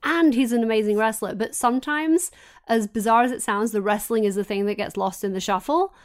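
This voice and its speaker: A woman co-hosting a casual podcast chat, quick and enthusiastic, often laughing. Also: a little high. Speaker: podcast co-host.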